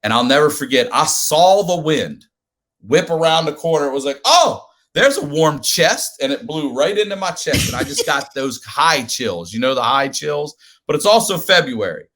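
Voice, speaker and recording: A man telling a comedic story as a podcast guest, animated and profane, acting out the people in it. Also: a little high, moderate pace. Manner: animated, profane, acts out quoted voices.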